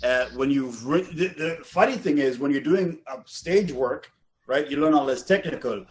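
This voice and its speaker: A man co-hosting a podcast, cutting in with loud theatrical jokes and then turning soft and earnest. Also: on the high side, moderate pace. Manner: loud joking interjections, theatrical, swings from shouting to soft earnest talk. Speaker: podcast co-host. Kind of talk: casual chat.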